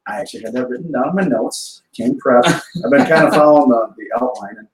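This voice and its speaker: A man's voice: mid-range voice, fast. Casual male guest, rambling and chatty, heard from far off in an echoey room. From Wisconsin. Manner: rambling storyteller, many restarts. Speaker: podcast guest. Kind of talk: casual chat. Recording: echoey remote call with faint noise.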